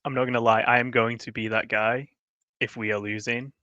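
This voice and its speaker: A man chats loosely about football, laughing easily and letting his sentences trail off. His voice is bright and forward, and it comes across dry and close to the mic with no room sound. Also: medium pitch, flat delivery, a little fast, no room sound, dull audio. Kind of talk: casual chat.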